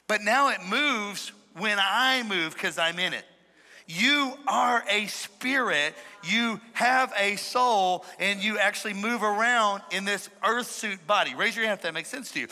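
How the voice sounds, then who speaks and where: A man preaching a sermon to a congregation, emphatic and playful, calling on the crowd to shout back. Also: high voice. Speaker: pastor. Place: large church hall. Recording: echoey hall reverb.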